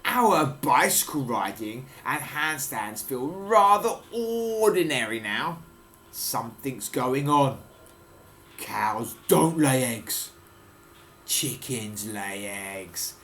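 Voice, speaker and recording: A man's voice: medium pitch, big pitch swings, takes it slowly, fairly bright tone, exaggerated voice. A man voicing a herd of suspicious farm cows in a picture book, muttering doubtfully. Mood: puzzled.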